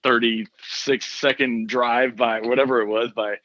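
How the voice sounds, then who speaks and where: A man from southeastern Pennsylvania, a guest in a casual interview, talking in a relaxed way full of "you know" fillers. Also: mid-range voice, a little slow, no room sound, dull audio.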